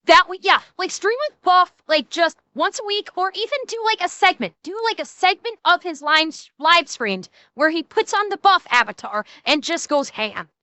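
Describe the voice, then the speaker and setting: Give me a young woman streamer with a sharp, bright voice, swearing and rambling through a reaction. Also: very high voice, moderate pace, hardly any pauses, dry recording. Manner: profane, excitable, rambling with restarts. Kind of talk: casual livestream reaction commentary.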